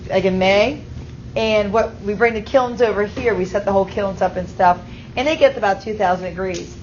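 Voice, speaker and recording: A woman's voice: mid-range voice, a little hiss or hum. A woman teaching a chemistry class, explaining step by step and often checking in with the students. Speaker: high school chemistry teacher. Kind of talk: classroom lecture. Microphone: auto-tracking camera mic. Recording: slightly muffled classroom recording.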